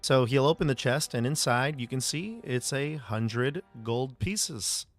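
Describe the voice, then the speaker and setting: A man's voice: mid-range voice, a little slow, faint music behind. A man running a tabletop game as game master, describing the scene in a casual way and voicing sound effects.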